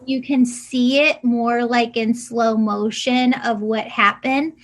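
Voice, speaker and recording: A woman's voice: fairly high pitch, steady tone, slow, a bit bright. A woman hosting a podcast, explaining spiritual ideas in a casual way with repeated "like, you know". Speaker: podcast host and medium.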